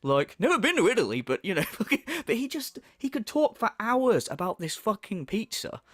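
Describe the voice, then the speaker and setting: A man's voice: sits high, big pitch swings, normal speed, fairly bright tone, no echo, studio quality. Sweary mocking male commentator. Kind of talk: profane reaction commentary.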